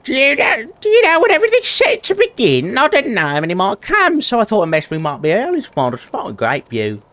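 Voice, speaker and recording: Guy putting on an excited fan-type townsperson, pitch swinging all over, gushy and breathless. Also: brisk, exaggerated voice. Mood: gushing. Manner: gushing, breathless admiration with pitch leaping high. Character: eager, chatty townsperson, awed fan of a knight. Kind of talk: reading game dialogue aloud in character.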